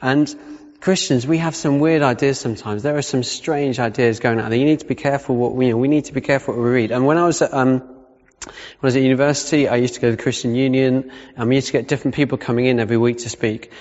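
A man's voice: medium pitch, fairly even intonation, fast, a little mellow. A man giving a conversational sermon, reading Bible passages aloud and breaking off to rephrase. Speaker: preacher. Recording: muffled sound with long reverb in a hall.

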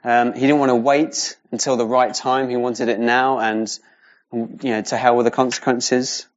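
A man's voice: mid-range voice, level tone, normal speed. A man gives an informal Bible teaching. He talks in a loose, rambling way and often checks in with "yeah?". The recording sounds a little dull and lo-fi. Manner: casual, rambling, with many fillers and tag questions. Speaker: Bible study leader.

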